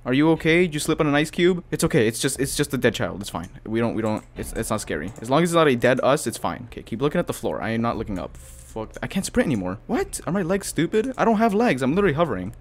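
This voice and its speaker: His mid-range voice swings widely in pitch as he talks quickly with hardly any pauses, commenting on horror gameplay as a YouTuber. The man sounds panicky and easily spooked, gasping, swearing and laughing out of nerves.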